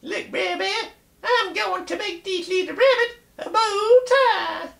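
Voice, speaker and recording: A man's voice: extremely high pitch, slow, gravelly, fairly bright tone, echoey room, voice pushed up, exaggerated voice. A man voicing a hungry, gloating male fox in a told folk tale.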